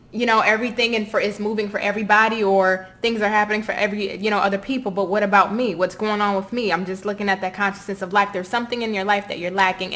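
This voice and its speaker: A woman's voice: mid-range voice, fairly bright tone. A woman with a Southern US accent giving a casual, encouraging tarot reading straight to her viewers. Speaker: tarot reader.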